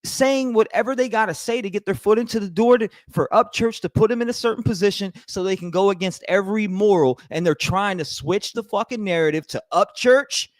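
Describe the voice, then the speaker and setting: Stream host, male, slightly high voice, angry rambling rant with swearing and restarts, dry room. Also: brisk, few pauses, no room sound. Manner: heated, profane, rambling with many restarts; reads and answers chat messages. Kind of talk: ranting live stream commentary.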